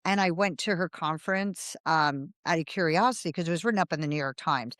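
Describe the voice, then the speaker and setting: A writer in her fifties, appearing as a guest in a casual interview, tells a long, rambling anecdote, acting out quoted dialogue and laughing along the way. Her voice sits low and is a bit bright, with a brisk pace, in studio-quality sound with no echo.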